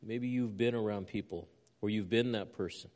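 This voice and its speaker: A man's voice: on the low side, moderate pace, a little mellow, big-room sound. A man preaching a sermon as a pastor, reading scripture aloud with rising intensity.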